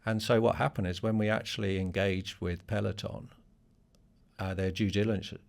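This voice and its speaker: A middle-aged business leader being interviewed on a podcast. His voice sits very low, with a rough, gravelly edge. He talks straightforwardly, with fillers and restarts. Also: steady tone, normal speed. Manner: straightforward, conversational with many fillers.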